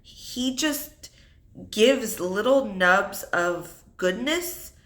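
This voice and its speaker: Drawing out her words, a young adult woman recounts her divorce in an unscripted, reflective vlog, tearful and holding back her crying. She is a single mother, and her mid-range voice is expressive and fairly bright.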